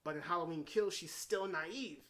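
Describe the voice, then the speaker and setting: A man's voice: a little high, moderate pace, bright, forceful tone. A man giving a casual, unscripted movie review, retelling scenes in his own paraphrased quotes with plenty of fillers and restarts. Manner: rambling, heavy on fillers and restarts.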